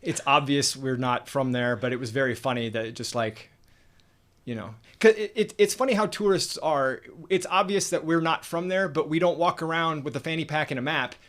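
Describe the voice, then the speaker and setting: A man from the United States co-hosts a casual livestream chat, with a slightly high voice. He tells stories in an easygoing, joking way. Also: fairly quick, fairly bright tone. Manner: easygoing, joking storyteller, reads viewer comments. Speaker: co-host.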